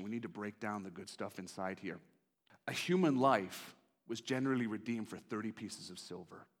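A man preaching a sermon passionately, moving between hushed confession and excited storytelling. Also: fairly low pitch. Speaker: pastor.

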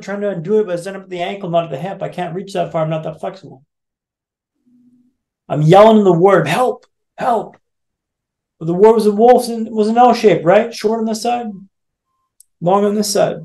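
A man with a fairly high voice tells a personal story to a podcast host. He builds tension by repeating phrases in a steady rhythm, like a practised motivational speaker.

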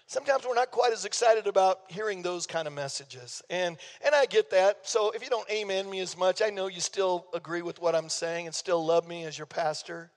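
A man's voice: sits high, brisk, few pauses. An older man, preaching a sermon as pastor in a folksy, playful way. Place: church sanctuary. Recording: long reverb of a church hall.

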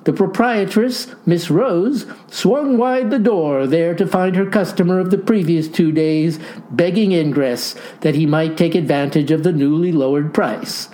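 A man's voice: on the high side, measured pace, warm tone. Male narrator, dry comic storyteller, folksy old-time diction.

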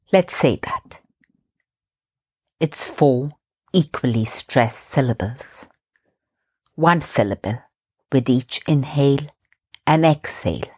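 A woman from India hosting a Christian meditation podcast, calmly guiding breathing and scripture reflection. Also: extremely low pitch, breathy edge. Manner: calm, slow, gently instructive.

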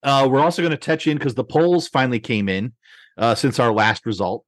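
A man's voice: medium pitch, expressive, brisk, no echo. A man hosting a podcast in casual chat, rambling with many restarts and fillers. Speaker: podcast host.

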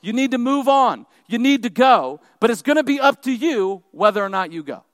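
A man's voice: very high voice, sing-song, normal speed, a bit bright, dry recording, studio quality. A male pastor preaching a sermon, retelling a story in a conversational way with asides to the congregation.

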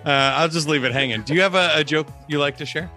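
A man's voice: fairly high pitch, fast talker, sharp tone, faint music behind. A man in his forties hosting a podcast, upbeat and jokey in casual chat. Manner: upbeat, jokey, loose with filler words. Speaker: podcast host.

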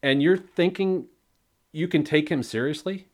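A man's voice: fairly high pitch, measured pace. A man hosting a solo podcast, rambling and swearing freely while he mocks himself. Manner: rambling, profane, self-mocking. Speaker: podcast host.

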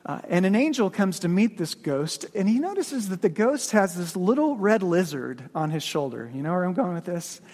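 A male pastor telling a story in a sermon, earnest and exhorting, with slowed emphatic phrases. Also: sits high, sing-song, darkish tone. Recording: long reverb of a large hall.

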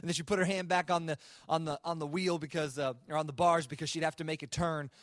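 A young man delivers a sermon at a live student worship service, chatting through a story with easy, self-mocking humor. His voice sits a little high for a man and sounds close and dry, with little room sound. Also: fairly even intonation, quick pace, no room sound. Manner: conversational, self-mocking humor, many fillers.

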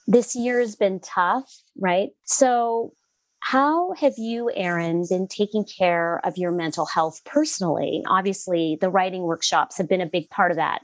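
A woman's voice: lowish voice, no room sound, rough recording. A woman interviewer asking her guests questions in a friendly, curious way.

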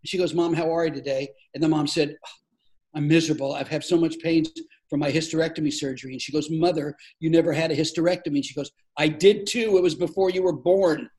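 A man's voice: fairly high pitch, fast talker. An older man, a comedian, telling stories playfully as a guest in an interview. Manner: playful, animated storyteller with frequent laughs. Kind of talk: storytelling in a podcast interview.

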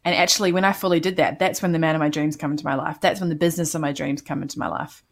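Female interview guest, deep and gravelly, earnest and candid. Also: steady tone, rapid-fire. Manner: earnest, frequent "like" fillers. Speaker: podcast guest.

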